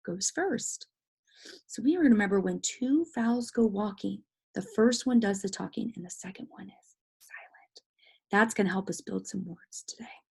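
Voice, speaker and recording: A woman teaching a phonics lesson to young children, speaking slowly in a sing-song, encouraging way and sounding out letters, sometimes dropping to a whisper. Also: mid-range voice, creaky, darkish tone, slightly rough. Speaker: first grade teacher.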